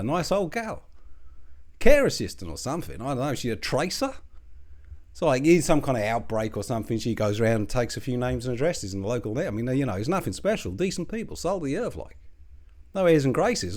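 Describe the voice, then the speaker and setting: A man's voice: mid-range voice, very animated, a little fast, natural voice. A man playing a crude, gossipy middle-aged Australian bloke who rambles and swears in a comic monologue. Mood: rambling. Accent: Australian (put on). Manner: rambling, swearing, colloquial banter, mocking impressions. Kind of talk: comedic character monologue.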